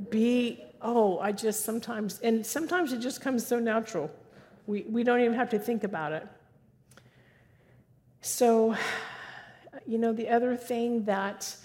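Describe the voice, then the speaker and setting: A woman's voice: mid-range voice, a little mellow. A middle-aged woman giving an earnest, exhorting sermon to women, often repeating phrases for emphasis. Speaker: women's speaker. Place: church sanctuary. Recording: long hall reverb.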